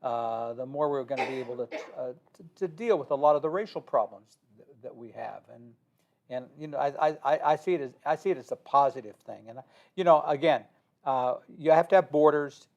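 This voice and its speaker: An older man, speaking as a guest in a casual interview. His voice sits a little high for a man. He often stops, restarts and repeats words while he gathers his thoughts. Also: darkish tone. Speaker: author and guest.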